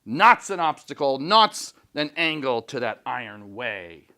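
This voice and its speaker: A teacher doing a booming, defiant old sea captain. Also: male voice, very animated, sharp tone, full character voice. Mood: grandiose. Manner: booming, slow, declamatory reading. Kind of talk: dramatic read-aloud in class.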